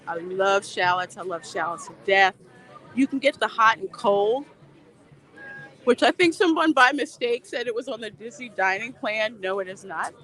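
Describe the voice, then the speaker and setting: A woman talks casually into her phone while livestreaming outdoors at a theme park. Her voice is bright and lively, and she laughs often as she reads viewer comments aloud. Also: medium pitch. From Louisiana.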